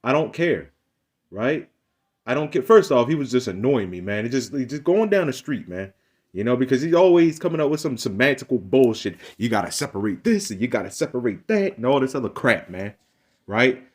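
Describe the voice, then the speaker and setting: A man giving a casual, heated monologue as a religious vlogger, repeating himself and swinging from low muttering to loud rising rants. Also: big pitch swings, a little fast.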